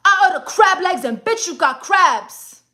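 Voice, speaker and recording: A woman from New York doing an impression of a brash female rapper, rhyming loud boasts in a changed voice. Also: very high-pitched, animated, measured pace, reverberant, pitched above the performer's own voice, heavily acted. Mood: boastful.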